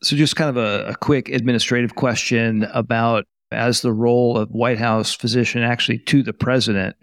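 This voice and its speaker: A man hosting an interview, asking a question in a measured way. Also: medium pitch, little pitch movement, no room sound, studio quality. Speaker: podcast host.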